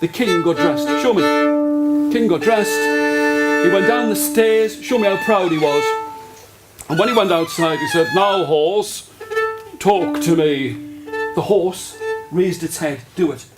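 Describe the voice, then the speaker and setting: A male storyteller telling a folk tale live, coaxing the audience to join in, with loud fiddle music in the background. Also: high voice, normal speed.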